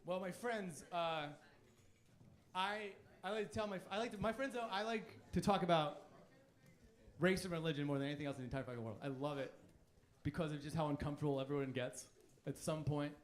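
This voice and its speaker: A man performing a stand-up comedy set on a club stage, animated, jumping from loud bursts to low mutters. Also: a little fast.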